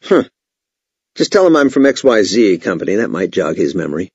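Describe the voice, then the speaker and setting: A man's voice: deep voice, sing-song, brisk, a little mellow, breathy edge, no room sound, heavily acted. A man voicing a male salesperson making a cold call to an executive's office, speaking in brief, businesslike phrases. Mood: assertive. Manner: brief, businesslike phone talk. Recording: dull, lo-fi, dry sound.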